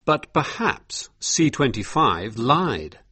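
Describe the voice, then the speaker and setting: A man doing a brisk army officer. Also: medium pitch, big pitch swings, pushed and bright, husky, no echo, heavily acted. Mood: questioning. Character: curious male army officer. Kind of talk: audiobook character voice.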